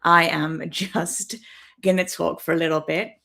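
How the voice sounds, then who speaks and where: A woman in her fifties from Birmingham with a softened West Midlands accent, chatting nervously and laughing often as she hosts her own livestream on a laptop microphone. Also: lowish voice, fairly even intonation, a little slow, creaky. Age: 50s. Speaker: YouTuber hosting her first livestream. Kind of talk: casual livestream chat to viewers. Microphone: built-in laptop microphone.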